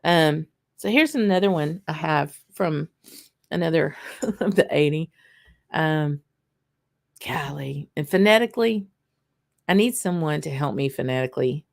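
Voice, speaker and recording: Woman, low voice, chatty livestream host, rambling, laughs often. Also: animated, a little slow, vocal fry, long pauses. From Louisiana, USA. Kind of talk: casual live tasting chat.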